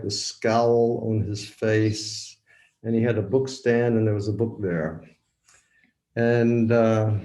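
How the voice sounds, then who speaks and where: A man in his seventies giving a lecture over a video call, telling a story with lively acted-out dialogue. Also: on the low side. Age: 70s. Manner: animated, acts out the dialogue. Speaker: lecturing swami. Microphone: computer mic on a video call. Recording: roomy echo.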